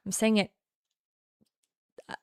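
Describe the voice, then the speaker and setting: A woman's voice: slow, no room sound, clean studio sound. An Australian woman doing casual political commentary on a stream, blunt and sarcastic, often laughing.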